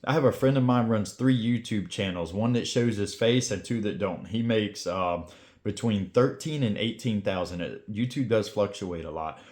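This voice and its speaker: Middle-aged man, lowish voice, blunt motivational vlogger, slangy and direct. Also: moderate pace, darkish tone. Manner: blunt, pep-talk delivery with slang. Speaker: YouTube creator giving advice. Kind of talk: casual motivational talk to camera.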